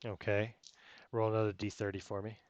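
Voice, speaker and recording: A man's voice: fairly low pitch, level tone, fairly quick, a little mellow, no room sound, dull audio. Laid-back man running a tabletop game. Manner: casual, laughs often, stumbles over numbers. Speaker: game master.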